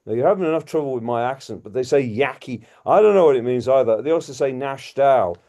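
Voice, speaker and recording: Speaking at a racing clip, this Liverpool man delivers meandering, self-deprecating comedy as a guest over video chat, laughing as he wanders from the point. His English-accented voice is medium in pitch, animated, yet mellow.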